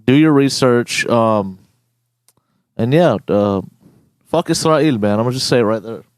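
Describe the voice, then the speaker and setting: A young man hosting a podcast, ranting in a casual, profane, animated way. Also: mid-range voice, a little slow, smooth, dry recording. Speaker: podcast host.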